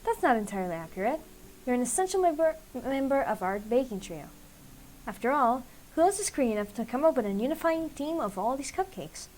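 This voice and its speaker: A woman's voice: high voice, very animated, fairly quick, a little mellow, slight background noise, low-quality recording. A woman doing a formal, awkward bookish man. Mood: earnest. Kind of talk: game dialogue read aloud.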